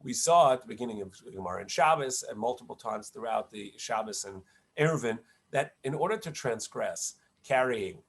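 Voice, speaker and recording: A man, a rabbi, giving an online Talmud lesson, explaining each passage in an unhurried, halting way with many fillers and restarts. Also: medium pitch, animated, creaky, husky. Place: home setup, online class.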